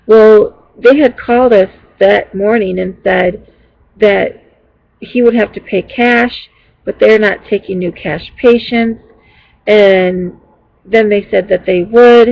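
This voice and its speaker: A woman vlogger rambles through a casual story for her viewers, restarting her sentences and filling gaps with ums. Her voice has a gravelly, creaky edge, and she sounds exasperated as she retells it. The sound is dull and lo-fi, like a basic home recording. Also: mid-range voice. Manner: rambling, with many fillers and restarts.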